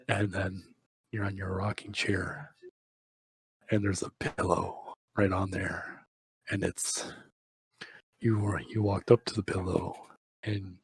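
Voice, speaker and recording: A man's voice: low-pitched, breathy edge, dry recording. A man telling a rambling, crude, improvised comic story, often breaking into laughter.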